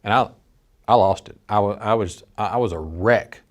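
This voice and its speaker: In a fairly low voice at normal speed, the middle-aged man delivers a training lecture as a dispatch instructor, weaving in a personal story. He is earnest and conversational, restarting often.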